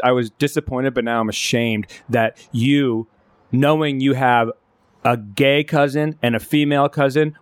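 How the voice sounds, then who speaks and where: A man co-hosting a casual podcast, speaking with raw, profane intensity and tripping over his own restarts. His voice sits at an ordinary pitch. It is recorded dry, with no room sound. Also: no echo. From California. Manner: impassioned, profane, restarts a lot when upset. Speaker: podcast co-host. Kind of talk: casual chat.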